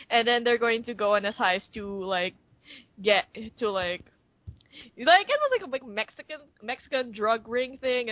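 A woman's voice: fairly high pitch, no echo, dull audio. A woman co-hosting a podcast, chatting casually about a movie, rambling with lots of fillers and restarts. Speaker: podcast co-host. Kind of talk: casual movie review chat.

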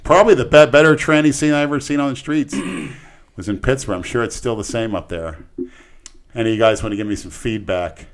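A man's voice: mid-range voice, animated, a little fast. A middle-aged man from Florida telling long rambling stories on a casual podcast, acting out the voices of cops in his tales. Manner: rambling, acts out cops' voices loudly. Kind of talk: casual storytelling chat.

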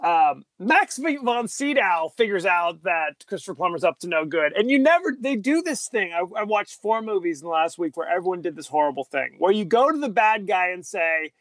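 Animated man chatting about movies. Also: high voice, moderate pace, few pauses, dry recording. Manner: animated, acts out quotes in changing voices. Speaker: podcast co-host. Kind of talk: casual chat about movies.

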